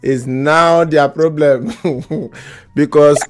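A man's voice: on the high side, fairly even intonation, extremely slow. A man with a Nigerian accent, teasing in casual chat, laughing often and echoing the other person's words back.

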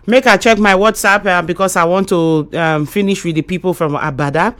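A woman's voice: on the low side, fairly quick, hardly any pauses. A woman with a Nigerian accent hosting a morning radio show, giving motivational talk in a preachy way and calling her listeners darling and sweetheart. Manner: rhythmic repetition, swings between loud and quiet.

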